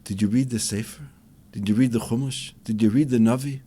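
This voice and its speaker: A man's voice: medium pitch, fairly even intonation, fairly quick, warm tone, slightly rough. A man, a rabbi, giving an impassioned Torah lecture and acting out dialogues with a rising voice.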